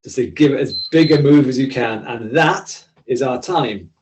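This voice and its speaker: A man's voice: medium pitch, moderate pace, a little mellow, poor audio. A man instructing a seated exercise class, giving friendly, encouraging, step-by-step cues. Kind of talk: leading a seated workout class.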